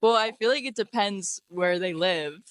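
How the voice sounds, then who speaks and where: Female interviewee, mid-pitched, unsure and trailing off. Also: normal speed, clear, resonant tone. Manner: hesitant, tentative, trailing off. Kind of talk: casual street interview answer.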